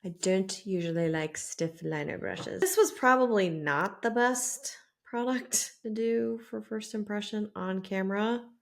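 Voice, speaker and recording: A woman beauty vlogger with a mid-range voice chats casually to camera while applying makeup, unhurried and with few pauses. She's talkative and self-deprecating, picked up by the camera mic with the mirror some distance away.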